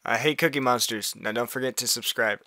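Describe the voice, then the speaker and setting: A man's voice: medium pitch, fairly quick, bright, forceful tone, no echo, clean studio sound. A man casually commentating a multiplayer game, rambling and laughing often. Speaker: gaming video host.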